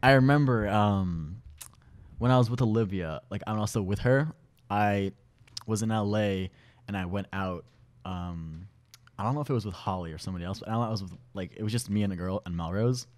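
A young man from Washington State, a podcast guest in casual chat, telling animated stories and laughing often. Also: fairly low pitch, brisk.

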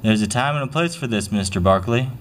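A fussy, nagging manager who keeps pressing about the schedule, as a man puts him on. His pitch swings around in a lively way. He sounds uptight and insistent. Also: fast talker, a little hiss or hum, lightly acted.

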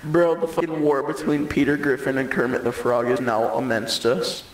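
A man's voice: medium pitch, flat delivery, normal speed, echoey room. A hyped man in a voice chat who swears. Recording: distant mic, loud crowd.

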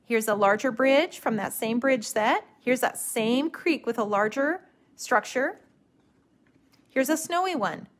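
A middle-aged woman teaching a watercolor stamping technique in a live craft demonstration, talking in a relaxed, gently instructive way and often restarting her sentences. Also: fairly high pitch, measured pace.

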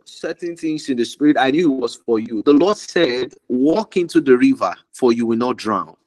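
A man's voice: mid-range voice, lively intonation, moderate pace, a little mellow, no echo, rough recording. A man ministering prophetically over a call, declaring fervently with much repetition and sometimes dropping to a whisper.

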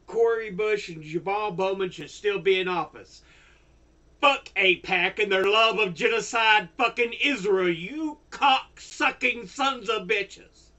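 A furious older man rants into the camera, swearing constantly and breaking into shouts. His voice is high and very sharp, swinging wildly up and down while he drags the words out slowly. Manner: heavily profane, shouting in bursts. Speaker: YouTuber. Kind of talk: angry political rant.

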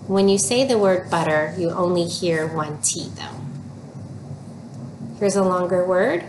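A woman teaching an early reading lesson, giving slow, clear prompts and repeating cues for children to read aloud. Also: on the low side. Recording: noticeable background noise.

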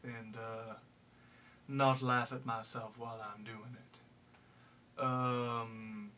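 A young man vlogging in a put-on gentlemanly Southern accent, speaking slowly and formally with many hesitant pauses from a small practice room. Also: mid-range voice, little pitch movement. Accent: put-on gentlemanly American Southern. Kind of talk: casual video diary. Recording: distant mic with faint background noise.

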